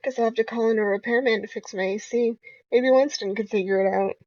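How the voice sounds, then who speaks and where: A woman voicing a laid-back male cowboy gunslinger from a video game, reading his lines in a blunt, deadpan way. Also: a little high, fast, no room sound, highs cut off, lightly acted.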